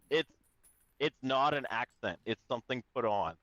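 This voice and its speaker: A man's voice: mid-range voice, lively intonation, a little slow, a bit bright, no room sound. A man co-hosting a podcast in casual chat, rambling with lots of "like" and laughter. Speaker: podcast co-host. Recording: slightly dull lo-fi sound.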